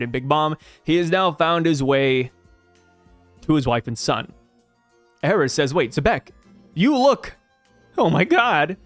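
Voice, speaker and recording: A man hosting a comic review channel, talking through a new chapter in a casual, animated, jokey way and thinking out loud. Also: high-pitched, dry recording. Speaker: manga review channel host. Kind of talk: casual commentary video.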